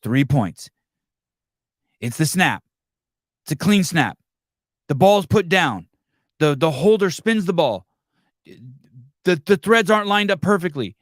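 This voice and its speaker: A man doing a hyped-up football announcer, voice climbing way high, loud, repeats every call. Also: lively intonation, measured pace, pauses often, no echo, studio quality. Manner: breathless rising build-up, repeats calls. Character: overexcited male football play-by-play announcer.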